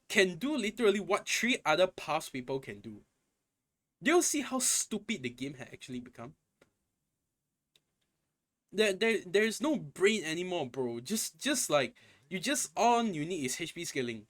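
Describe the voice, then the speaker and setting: A young man with a slightly high-pitched voice rants through a casual gaming commentary. He sounds exasperated and swears freely, tripping over himself as he repeats and restarts phrases. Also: fairly bright tone. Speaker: gaming content creator.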